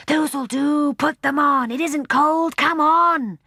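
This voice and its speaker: A woman's voice: mid-range voice, creaky, slightly rough, dry recording, clean studio sound, full character voice. A woman voicing a mysterious unseen voice that urgently hurries two children along. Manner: urgent, hurried, hushed at first.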